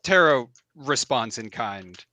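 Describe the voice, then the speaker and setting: Man, game master, tabletop game, halting narration, bright, dry close sound. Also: mid-range voice, animated, no echo, lo-fi sound. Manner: halting, full of fillers and restarts. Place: home setup for a live stream.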